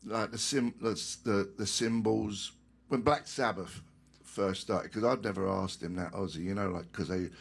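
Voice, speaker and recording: A man interviewing a guest in a casual chat, asking halting questions full of restarts. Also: fairly low pitch, creaky, slightly rough.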